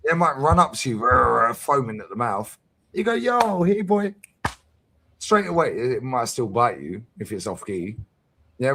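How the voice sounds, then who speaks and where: A man's voice: mid-range voice, slight background noise. A man hosting a fan talk stream, telling stories in casual chat with plenty of slang and swearing. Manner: swearing, slangy, lively storytelling.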